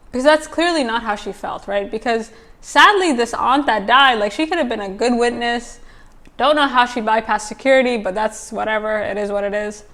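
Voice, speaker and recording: A woman talking casually as she recaps and reviews a TV episode, full of fillers and quick asides. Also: a little high, fairly bright tone. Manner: chatty, filler-heavy, exclaims. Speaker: TV recap host.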